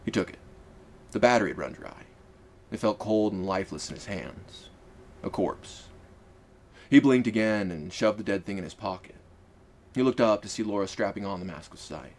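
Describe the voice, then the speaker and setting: A man's voice: lowish voice, moderate pace, pauses often. A man narrating his own fantasy audiobook in a wry, casual storytelling manner. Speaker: author and narrator.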